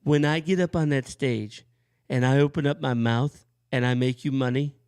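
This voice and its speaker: A swaggering rock singer who brags in a lazy, slangy drawl, as a man puts him on. The lines land a bit slower and louder than normal talk, stretched out for effect. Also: medium pitch, smooth, lightly acted. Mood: cocky.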